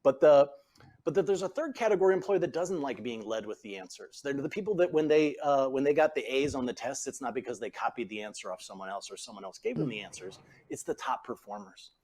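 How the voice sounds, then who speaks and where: Brief: man, 40s, leadership author guest, conversational, acts out sample lines, mid pitch. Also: fast talker. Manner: animated, acts out example phrasings. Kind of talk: conversational coaching talk.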